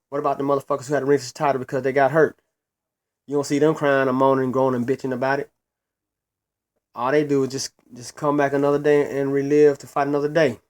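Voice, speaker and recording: Man, mid-pitched, solo wrestling reviewer; blunt, profane, repetitive rant. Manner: blunt, profane, repeats words when worked up.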